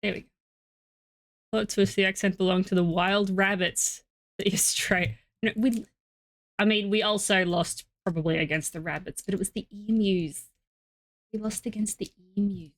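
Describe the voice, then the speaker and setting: A woman's voice: mid-range voice, fairly even intonation, normal speed, pauses often. A woman streaming a game, chatting playfully with her viewers and often repeating words as she talks. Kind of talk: casual chat with stream viewers.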